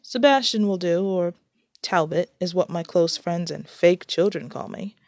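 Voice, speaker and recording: A woman voicing a jovial older man who warmly teases his guests in a storybook reading. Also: fairly low pitch, unhurried, dry recording, clean studio sound.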